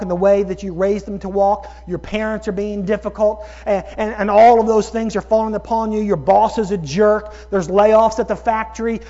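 A man preaching a sermon, moving from calm teaching to loud, excited preaching. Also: high voice. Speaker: pastor. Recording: dull sound with long hall reverb.

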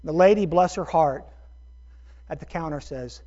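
A middle-aged man, a pastor, telling a story in a sermon with animated, self-deprecating bursts of energy. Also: a little high, a little slow. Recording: dull lo-fi sermon recording.

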